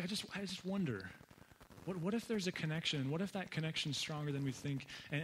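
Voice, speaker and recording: Guy pastor giving a chatty funny sermon, mid pitch, bit of background hum. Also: low-quality recording. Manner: conversational and humorous, with lively acted asides.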